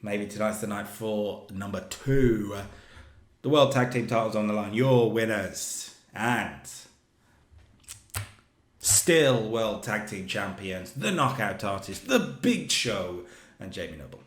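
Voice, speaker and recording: Lively man in an echoey room. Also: lowish voice. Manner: animated storytelling, voices characters in quick asides. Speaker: co-host booking a wrestling video game. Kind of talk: casual commentary over gameplay.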